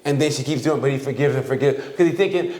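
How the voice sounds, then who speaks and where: A man's voice: mid-range voice, racing, a little mellow. A man co-hosting a casual podcast who rambles, restarts and keeps repeating "listen" while telling a story. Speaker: podcast co-host. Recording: roomy echo.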